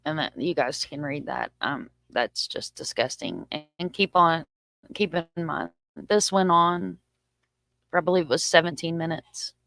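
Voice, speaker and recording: A woman's voice: deep voice, lively intonation, measured pace, vocal fry, fairly bright tone, no echo, studio quality. A woman hosting a live true crime stream, reading a transcript aloud and adding somber, emphatic remarks of her own.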